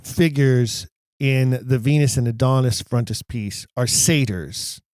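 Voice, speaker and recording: A man hosting a podcast, checking details with his guest through quick clarifying questions. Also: mid-range voice, a little mellow. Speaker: podcast host. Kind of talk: podcast conversation.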